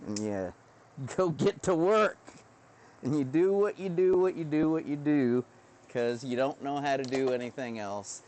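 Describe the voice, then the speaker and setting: A man's voice: medium pitch, animated, unhurried, a little mellow, slight background noise. A man in a rambling, profane, self-deprecating live-stream monologue, recorded indoors on a webcam setup.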